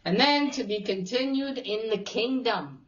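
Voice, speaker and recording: A woman's voice: fairly high pitch, a little slow, muffled recording. A woman casually recapping a comic issue, quoting the characters loosely with lots of "uh" and "he's like". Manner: retells scenes, quoting characters in a flat loose way, many "uh"s and "he's like". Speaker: comic reviewer.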